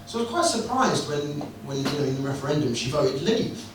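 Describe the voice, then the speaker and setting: A man's voice: a little high, big pitch swings, fairly quick. A man performing a stand-up comedy set in a club, telling crude, sweary jokes with a wry storytelling manner. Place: comedy club room, indoors. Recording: echoey club room, distant mic, noisy.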